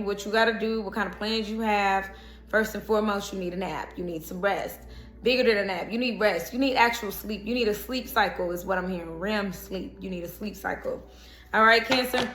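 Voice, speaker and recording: A woman talks through a tarot reading in a casual, emphatic way, repeating phrases to drive them home and checking in with the listener. Her voice rings in an echoey room, with soft music playing faintly underneath. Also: medium pitch. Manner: emphatic, repeats phrases for stress, coaxing "okay?" asides. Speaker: tarot horoscope reader.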